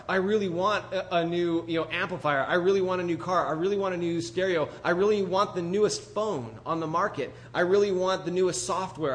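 A man preaching a conversational sermon in an animated, chatty way, full of asides to the congregation. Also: high-pitched.

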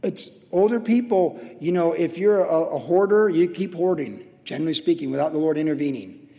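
A man in his sixties preaching a sermon in a conversational way, acting out quotes with sudden shouts. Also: fairly high pitch, a little fast, vocal fry, in a large hall. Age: 60s. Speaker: pastor.

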